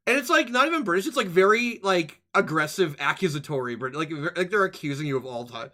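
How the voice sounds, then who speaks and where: Male streamer, animated and profane, very lively pitch. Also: fast talker, few pauses. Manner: animated, swears often. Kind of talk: casual gameplay commentary.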